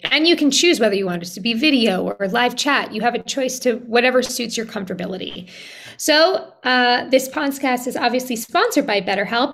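A woman's voice: fairly high pitch, a bit bright. A woman co-hosting a podcast, reading a sponsor ad in an upbeat way. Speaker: podcast co-host. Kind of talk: host-read ad and casual chat.

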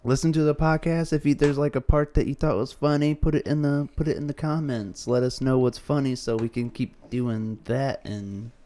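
A man's voice: medium pitch, fairly even intonation, moderate pace, few pauses, warm tone. A young man co-hosting a podcast in casual chat, laid-back and joking, swearing and laughing often. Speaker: podcast co-host. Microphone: studio podcast mic.

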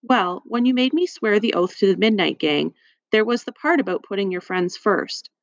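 An earnest, thoughtful young boy from a storybook, as a woman reader puts him on. He speaks quietly and sincerely. The sound is dry and close, with a slightly dull top end. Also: mid-range voice, lively intonation, moderate pace, no echo, natural voice.

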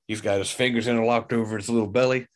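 A man's voice: medium pitch, steady tone, quick pace. A man in a casual podcast chat, rambling through a retelling of a film scene and acting out the quotes.

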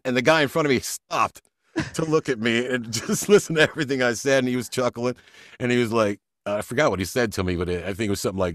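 A man who works as a voice actor, chatting casually in an interview and telling animated stories with frequent laughter. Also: mid-range voice, fast, no echo, clean studio sound. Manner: animated storyteller, laughs often. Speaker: voice actor guest.

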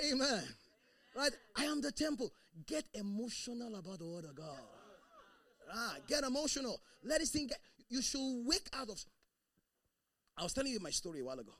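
Animated, husky male preacher. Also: high-pitched, moderate pace. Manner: animated, laughing, shouting bursts. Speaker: pastor. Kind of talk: sermon.

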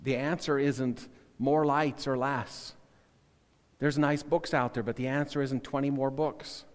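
A man preaching a sermon as pastor, earnest and halting, often repeating and restarting words. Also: mid-range voice, fairly even intonation, big-room sound.

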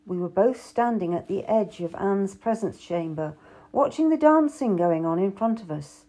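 A woman's voice: medium pitch, animated, normal speed, dark tone. A woman narrating a historical novel in the first person, reading expressively. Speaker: audiobook narrator.

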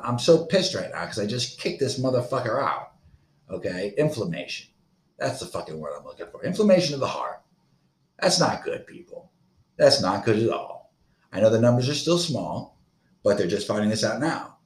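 Deep-voiced guy ranting on his podcast, swears a lot, echoey room. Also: very animated, normal speed. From Florida. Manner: profane, rambling, agitated. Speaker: podcast host. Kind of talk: casual solo podcast rant.

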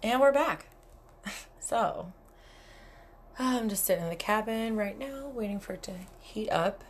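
A young adult woman with a mid-range voice hosts a casual solo podcast from a cabin, speaking a little slowly. She tells stories candidly, swearing a lot and laughing often.

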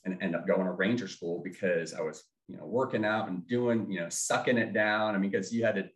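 A middle-aged man, a former Army officer, telling his story in an interview, halting, with many fillers and restarts. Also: sits low. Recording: echoey room.

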